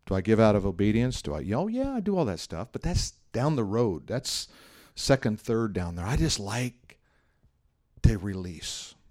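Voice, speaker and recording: Low-voiced man preaching conversationally. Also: sing-song, a little slow, a little mellow. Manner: conversational storytelling, acts out quoted voices. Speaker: pastor. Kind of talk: sermon.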